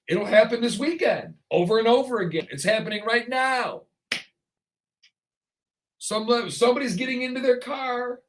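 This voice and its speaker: A man hosting a talk show, ranting through his commentary in a sarcastic way. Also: very high voice.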